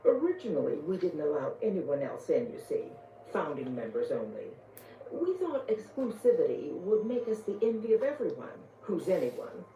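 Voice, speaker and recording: An actress voicing a proud, flattering high-society club lady in a video game, refined and smooth. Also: normal speed, recorded from a distance, slight background noise. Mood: gracious. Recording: roomy game audio from afar.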